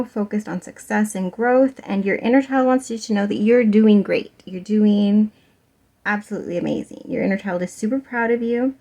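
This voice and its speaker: A woman's voice: mid-range voice, dark tone. A young woman giving a casual pick-a-card tarot reading, chatty and giggly with many fillers and laughs. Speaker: tarot reader.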